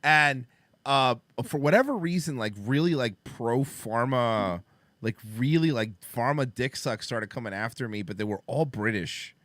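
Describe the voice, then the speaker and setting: A young man chatting on a talk show, brash and profane, his bright voice swinging widely in pitch. He goes from loud bursts to low mutters. The sound is dry and close. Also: lively intonation, a little slow, no echo. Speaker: podcast co-host. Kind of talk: casual chat reacting to a video.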